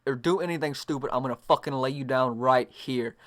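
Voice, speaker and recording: A man's voice: mid-range voice, fairly quick, fairly bright tone, natural voice. A man quoting a young male friend who warns him with a profane threat. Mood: threatening.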